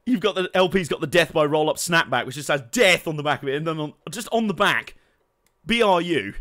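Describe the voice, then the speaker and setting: A young man giving casual, jokey gameplay commentary, laughing often, swearing, and bursting out excitedly. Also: a little high, fairly quick. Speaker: let's play host.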